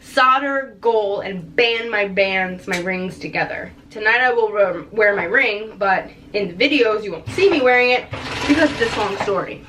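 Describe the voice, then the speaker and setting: A woman's voice: mid-range voice, moderate pace, fairly bright tone, slight background noise. A young woman rambling and giggling as she chats casually to the camera in a vlog. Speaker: vlogger.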